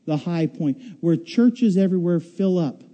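Preacher guy, high voice but real mellow, acts out the story, then goes quiet and low for the point. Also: unhurried, lo-fi sound. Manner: animated storytelling, acts out riders' shouts and screams; drops to a quiet, low delivery for the sermon point. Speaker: pastor. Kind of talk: sermon.

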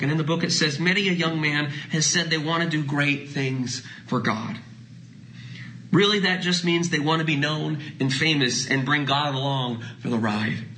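Bright-voiced man preaching a sermon. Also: fairly high pitch, slight background noise, low-quality recording. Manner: dynamic preaching, drops to soft hushed phrases. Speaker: pastor.

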